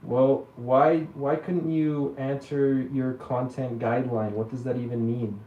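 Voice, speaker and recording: A man chats casually and teases an AI voice, stalling with repeated words. His voice sits at a middling pitch. It sounds dull and lo-fi, roomy, and set back from the mic. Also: little pitch movement, measured pace, recorded from a distance. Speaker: user chatting with an AI voice. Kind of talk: casual chat.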